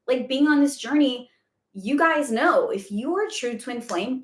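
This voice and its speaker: A woman's voice: fairly high pitch, fairly bright tone. A woman hosting a casual live spiritual Q&A, chatty and rambling with lots of fillers. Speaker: spiritual guidance host. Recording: echoey room.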